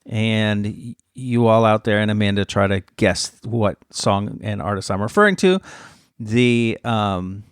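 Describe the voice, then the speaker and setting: A man's voice: fairly low pitch, a little slow, smooth, no echo, clean studio sound. A man co-hosting a casual chat podcast, playful and teasing as he runs the segments. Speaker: podcast co-host.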